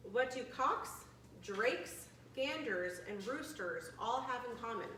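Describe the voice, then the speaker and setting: A woman in her forties leading a bird trivia quiz for seniors, chatty and friendly, reading questions out slowly. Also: a little high, animated, bright, forceful tone, slight background noise. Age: 40s. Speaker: activity leader. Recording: echoey room, from a distant mic.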